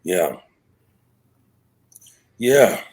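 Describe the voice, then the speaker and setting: A man's voice: low voice, big pitch swings, darkish tone, breathy edge. Rambling, frank man hosting a live chat. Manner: loose and rambling, frank, quick asides and self-corrections. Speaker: dating coach hosting a live show. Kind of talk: casual livestream chat, reading viewer comments.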